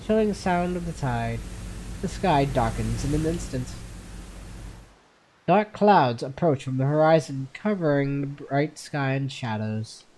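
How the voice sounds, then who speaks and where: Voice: medium pitch, expressive, unhurried, darkish tone, slight background noise. A gaming content creator reading a game's story text aloud in second-person narration, often tripping over words and correcting themselves, with faint music behind. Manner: reads narration aloud with frequent stumbles and self-corrections.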